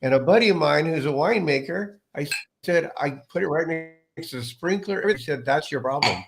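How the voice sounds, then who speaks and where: A man with a somewhat high voice leads a relaxed wine tasting conversation. He explains patiently and slips into little personal stories as he goes. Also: moderate pace, gravelly, faint music behind. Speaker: wine presenter. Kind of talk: casual chat.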